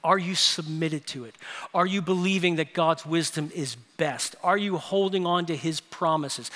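A man preaching a sermon with a bright, forceful tone and a fairly high voice. His delivery is emphatic, rising into strong intensity. The sound rings with long reverb from a large hall. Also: normal speed. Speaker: pastor.

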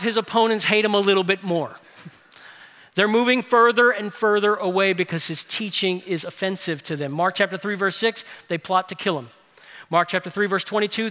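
A man preaching a Sunday sermon, his voice high and bright. He presses his points with earnest rhetorical questions, and the sound carries a long reverb through a large church sanctuary. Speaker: pastor.

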